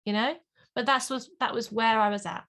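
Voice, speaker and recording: A woman's voice: on the high side, steady tone, fairly quick, a bit bright. A woman, a play and parenting consultant, talking animatedly in an interview and acting out parents and children. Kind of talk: podcast interview.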